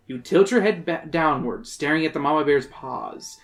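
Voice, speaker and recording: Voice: medium pitch, normal speed, few pauses, soft background music. Podcast host reading an adventure book dramatically. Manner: dramatic reading that breaks into laughs and jokes. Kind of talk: playful reading of a choose-your-own-adventure book.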